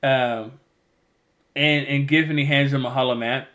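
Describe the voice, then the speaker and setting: A man's voice: medium pitch, steady tone, unhurried, a bit bright. A man hosting a casual chat, rambling through a retelling of a novel's plot and acting out the characters' lines. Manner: rambling storyteller, acts out quoted lines. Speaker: podcast host.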